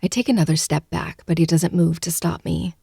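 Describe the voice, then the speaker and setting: A woman narrating a first-person audiobook close to the mic, in a hushed, breathy, intimate delivery that often drops to a whisper. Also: on the low side, fairly even intonation, fairly quick, no room sound.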